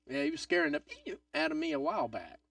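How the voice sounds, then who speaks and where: A man hosting a live wrestling watch-along stream, excitable and swearing, swinging from loud outbursts to mutters. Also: extremely high pitch, fast, gravelly, dry recording, clean studio sound, far from the mic.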